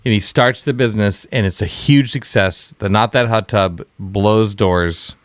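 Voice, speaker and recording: A man co-hosting a podcast, excitedly riffing on a made-up movie plot in a rambling way with lots of fillers. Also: on the low side, measured pace, no echo. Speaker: podcast co-host. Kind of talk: casual comedic brainstorming chat.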